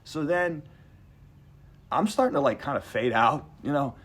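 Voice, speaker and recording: A man tells a personal story to a listening audience, his voice husky and a little worn. He rambles in a loose, conversational way, then turns emphatic whenever he acts out what others said. He sits at a middle pitch. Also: a little fast. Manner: animated, emphatic, acts out quotes.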